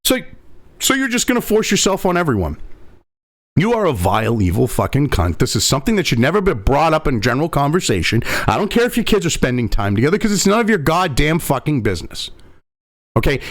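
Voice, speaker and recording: Ranting male commentator, high and swinging pitch, sneering and profane. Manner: angry, profane, sneering rant. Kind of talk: ranting commentary reading an article.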